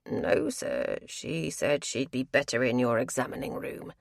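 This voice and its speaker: A woman's voice: extremely low pitch, unhurried, no room sound, studio quality, pitched below the performer's own voice, full character voice. A woman voicing a sheepish male footman who speaks hesitantly and deferentially.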